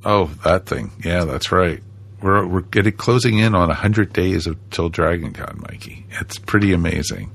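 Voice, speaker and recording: Deep gravelly podcast host. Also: male voice. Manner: jokey, playful sales patter. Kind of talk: casual podcast chat.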